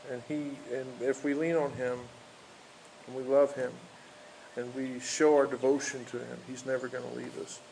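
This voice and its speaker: A man preaching an informal sermon, telling a story with many pauses, fillers and restarts. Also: mid-range voice, level tone, creaky, darkish tone, a little hiss or hum, poor audio. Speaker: pastor. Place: outdoors in a park.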